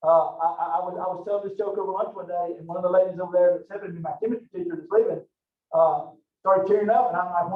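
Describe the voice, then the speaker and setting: A man's voice: sits high, fairly even intonation, quick pace. A man giving a college classroom lecture in a rambling, conversational way, drifting into stories. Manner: rambling, conversational, digressive storytelling. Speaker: college anatomy instructor. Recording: roomy, distant, dull lo-fi classroom recording.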